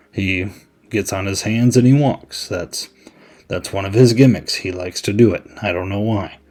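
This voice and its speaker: A man's voice: lowish voice, a little mellow. A man hosting a podcast, giving a casual, chatty movie review with many "I mean"s. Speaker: podcast host.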